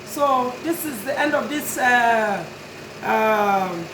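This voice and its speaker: A woman's voice: fairly high pitch, expressive, slow, echoey room, background noise. A woman who runs a notary business, speaking straight to her customers in an earnest, pleading but firm way. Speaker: notary and tag and title business owner. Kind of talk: direct-to-camera talk to customers.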